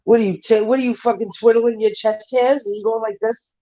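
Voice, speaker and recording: A woman's voice: a little high, steady tone, brisk, dark tone, highs cut off. A woman hosting a casual livestream chat. She talks bluntly and emotionally and swears freely. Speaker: livestream panel host.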